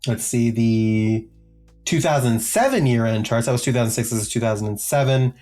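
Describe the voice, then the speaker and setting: A man's voice: medium pitch, normal speed, darkish tone. A podcast co-host talks through a long list of chart positions in an easygoing, rambling way. He fills gaps with ums and throws in silly jokes between entries. Faint music sits under the voice. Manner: jokey, rambling, many filler ums. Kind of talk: casual chat, reading out chart positions.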